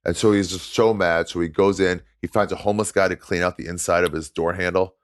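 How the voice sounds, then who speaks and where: A man telling a story in casual chat, animated and laughing often as he talks. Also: low voice, fast, dry recording, clean studio sound. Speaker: guest comedian.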